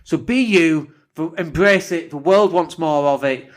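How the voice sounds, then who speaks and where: Blunt northern English man, fairly high voice. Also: measured pace. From northern England. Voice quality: slight lisp on th sounds. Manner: blunt, swears freely, self-deprecating. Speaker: podcast host. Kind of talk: casual solo podcast monologue.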